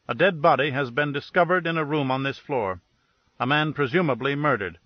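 Man doing an officious clipped official, brisk, dry dull audiobook. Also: mid-range voice, no echo, lightly acted. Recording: dull, dry studio read.

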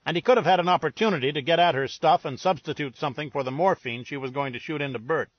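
Brash breathy-baritone lout , read by a man, blunt and crude; dull lo-fi sound. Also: quick pace, no room sound, lightly acted. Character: blunt, brash middle-aged man with a sore jaw. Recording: dull lo-fi recording.

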